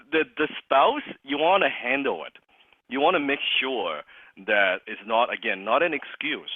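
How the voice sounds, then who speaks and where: A man coaching a group on sales calls, animated and quick to laugh, restarting his phrases. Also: mid-range voice, no echo. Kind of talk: sales training role-play demo. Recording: tinny call audio.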